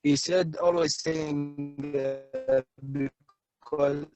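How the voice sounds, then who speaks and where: A man asking a question in a talk, speaking haltingly with many pauses and fillers. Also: on the high side, fairly even intonation, over music, poor audio. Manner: hesitant, halting, many uhs.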